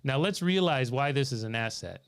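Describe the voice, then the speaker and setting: A man's voice: mid-range voice, lively intonation, normal speed, clear, resonant tone. A man hosting a live financial Q&A from a studio, telling a story and reading out viewer comments from the chat. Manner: storytelling, reads out viewer comments, quizzes his co-host. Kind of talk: livestream talk with chat interaction.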